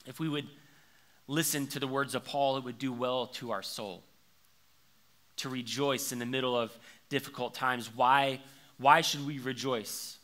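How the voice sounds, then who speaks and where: A young man preaching a conversational sermon as pastor, shifting between quiet reflection and lively storytelling. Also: medium pitch, a little slow. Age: young adult.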